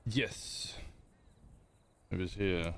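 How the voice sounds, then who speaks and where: A man's voice: sits low, drawn-out words, a bit bright, slight background noise. A man livestreaming a roleplay game, chatting casually with his viewers in a rambling, self-interrupting way. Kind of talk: casual chat with stream viewers.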